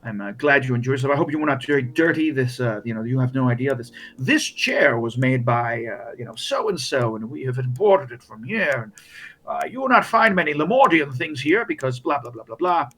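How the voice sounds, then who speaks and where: A man's voice: medium pitch, animated, brisk, a bit bright. A man voicing a nervous, arrogant nobleman with a very posh accent who chatters without stopping. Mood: fussy. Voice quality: talks incessantly, arrogant.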